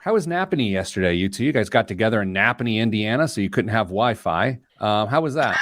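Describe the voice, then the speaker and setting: A man's voice: fairly low pitch, fast talker, no echo. A man hosting a podcast, telling stories and joking in casual chat. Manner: jokey, storytelling, animated. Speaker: podcast host.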